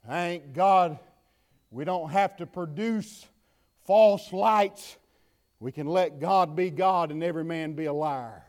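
A man's voice: a little high, slow pace, darkish tone. A man preaching a sermon with an impassioned, repetitive cadence.

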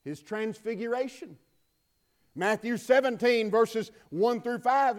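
A man preaching a sermon as pastor, reading scripture aloud and swinging between loud proclamations and hushed asides. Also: very high voice, takes it slowly.

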